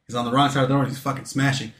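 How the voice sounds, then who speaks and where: A man's voice: mid-range voice, little pitch movement, racing, fairly bright tone. A man casually telling a story to friends, laid-back and profane, laughing along as he goes. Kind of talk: casual chat. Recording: roomy echo.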